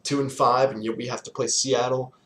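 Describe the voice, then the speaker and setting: Young male sports fan, casual vlog rant, profane and sarcastic, mid-pitched. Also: level tone, fairly quick, a bit bright.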